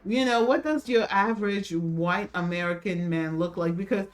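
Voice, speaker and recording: Woman cohost, rambling casual chat, lots of likes and um, mid pitch. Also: moderate pace, soft background music. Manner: chatty, lots of fillers and restarts, laughs often. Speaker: co-host. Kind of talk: casual chat reacting to a video.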